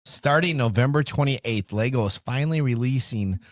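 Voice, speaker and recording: A man's voice: medium pitch, normal speed, dry recording, clean studio sound. A man hosting a tech and whiskey radio talk show, reading news items with jokes and laughing often. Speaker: host. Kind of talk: casual radio banter.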